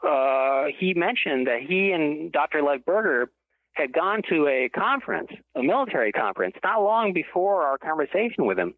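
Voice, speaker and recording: A man's voice: on the high side, no room sound. A man talks over a tinny phone line, his voice thin and dry with no room sound around it. He is a guest author telling a long story in a rambling way. He keeps stopping to correct himself before going on. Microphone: telephone.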